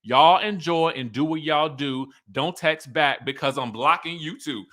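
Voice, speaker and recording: Casting: animated male recap host, slightly high voice, bright and forceful. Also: a little slow. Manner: animated, chatty, laughs often. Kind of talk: casual reality TV recap commentary.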